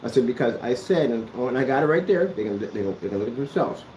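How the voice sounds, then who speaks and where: A man's voice: mid-range voice, animated, fast talker, a little mellow, a little hiss or hum. A man ranting at someone straight to the camera, scolding and sarcastic, with a lot of repetition. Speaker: vlogger. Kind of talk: confrontational address to camera. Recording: echoey room.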